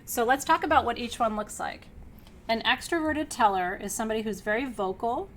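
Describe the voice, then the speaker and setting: A middle-aged woman teaching a class, energetic and outgoing, who laughs often and keeps checking in with her listeners. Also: fairly high pitch, brisk, a little hiss or hum. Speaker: spiritual teacher leading an online class. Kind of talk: teaching a live class to students.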